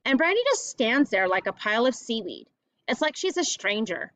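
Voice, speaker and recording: A woman's voice: a little high, sing-song, normal speed, fairly bright tone, no echo. A woman reading a first-person audiobook in a plain, earnest storytelling voice. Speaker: audiobook narrator. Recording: dull lo-fi audiobook recording.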